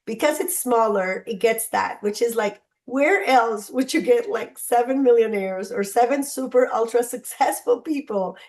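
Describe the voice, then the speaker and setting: A woman's voice: on the high side, moderate pace, hardly any pauses, darkish tone. A woman hosting a group video call, chatty and encouraging, speaking to the members by name. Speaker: host of a mentoring call. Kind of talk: casual motivational talk on a group call.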